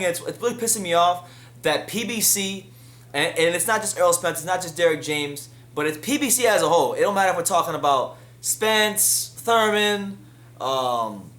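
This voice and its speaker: A man hosting a boxing news commentary, talking heatedly and climbing higher in pitch when he gets frustrated. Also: animated, moderate pace, fairly bright tone, reverberant. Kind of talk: solo commentary.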